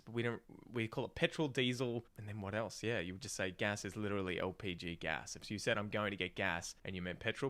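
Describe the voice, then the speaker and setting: A man's voice: fairly low pitch, fairly bright tone. A young adult man with an Australian accent, chatting casually on a stream and explaining local slang. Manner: explains slang with playful put-on phrases. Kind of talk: casual chat.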